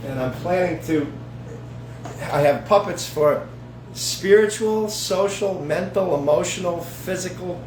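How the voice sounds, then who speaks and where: A man hosting a live-stream puppet show, talking in a rambling, halting way. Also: on the high side, noisy background. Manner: rambling, halting, many fillers. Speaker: host and puppeteer. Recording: echoey room, voice far from mic.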